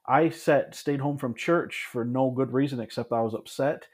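A man in his thirties from Michigan, a podcast guest telling his story in a relaxed, reflective way, with frequent restarts and asides. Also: mid-range voice, moderate pace, husky. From Michigan, USA. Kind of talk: casual storytelling in an interview.

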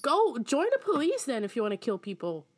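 Brief: woman, somewhat high pitch, sarcastic and blunt true crime podcast co-host. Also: huge pitch swings, a little fast. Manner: blunt, sarcastic, swears casually. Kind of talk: casual chat and reading case facts.

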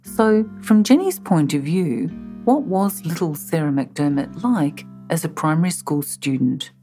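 Low-voiced woman narrating a documentary. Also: animated, unhurried, warm tone, faint music behind. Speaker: podcast host and narrator.

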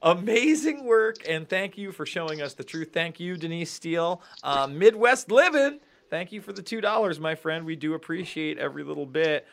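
A man co-hosting a live-stream podcast, briskly reading viewer names and thanks with a joking manner. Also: fairly high pitch, lively intonation, vocal fry, a bit bright. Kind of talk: casual live-stream chat.

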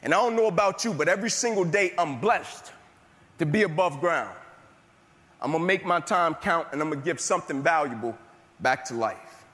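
A passionate male motivational speaker whose voice sits high and rolls through rhythmic, repeated phrases. His words ring out with a long hall reverb trailing behind them. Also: lively intonation, moderate pace, a bit bright. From United States. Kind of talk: motivational speech with storytelling.

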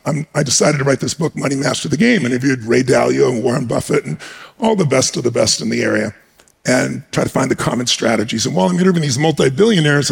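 A man telling a personal story on stage as a guest speaker, animated and emphatic, acting out the scenes. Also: mid-range voice, vocal fry, husky.

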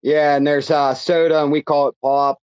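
A man's voice: fairly high pitch, little pitch movement, moderate pace, a little mellow, clean tone, dry recording, muffled recording. A man with a Pittsburgh accent, a musician guest chatting easily on a podcast call. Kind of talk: casual chat on a call.

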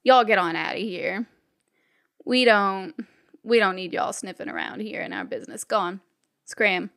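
Woman as gruff male enforcer, curt, commanding, tabletop western. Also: medium pitch, sing-song, moderate pace, a bit bright, dry recording, clean studio sound.

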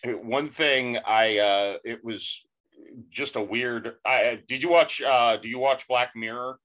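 An American man hosting a podcast, chatting casually in a halting way with many restarts. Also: medium pitch, a bit bright. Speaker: podcast host. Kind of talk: casual chat.

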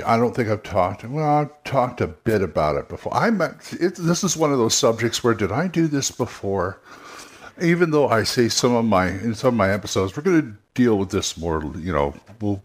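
A man hosting a podcast, talking casually and rambling with many restarts. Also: fairly low pitch. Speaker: podcast host, game master.

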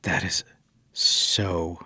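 A man's voice: low voice, level tone, drawn-out words, sharp tone, slightly rough, dry recording. A man co-hosting a podcast, chatting casually and imagining scenes with enthusiasm. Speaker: podcast co-host. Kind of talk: casual chat.

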